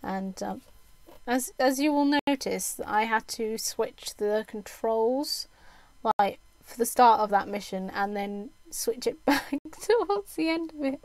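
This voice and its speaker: Giggly British woman, slow and dry. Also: on the high side, darkish tone, no echo. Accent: Southern English. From United Kingdom. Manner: chatty and giggly, laughs often. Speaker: game streamer. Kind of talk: casual live-stream chat.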